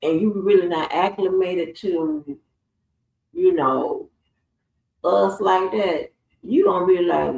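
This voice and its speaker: On a casual livestream, a woman tells profane stories punctuated by laughter. Her voice is on the low side and darkish, slow with vocal fry and frequent pauses, and the muffled recording is roomy and distant from the mic.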